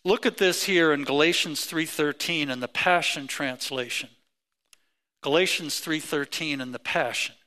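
Male pastor, middle-aged, high, bright voice, slow deliberate delivery, emphatic sermon style. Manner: emphatic preaching with rising pitch and repeated phrases.

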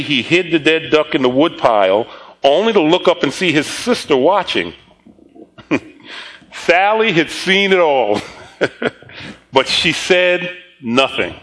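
A man's voice: fairly high pitch, fairly bright tone, poor audio. A middle-aged man preaching a sermon, telling a story and often laughing as he talks, with repeated words and restarts. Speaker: pastor.

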